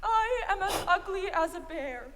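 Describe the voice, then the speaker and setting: An actress playing a desperate, lovesick young woman who pleads in a breathy, tearful stage voice. Her voice is very high and bright, and her pace is slow. A long hall reverb surrounds it. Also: expressive, full character voice. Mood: forlorn. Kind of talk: Shakespeare stage acting.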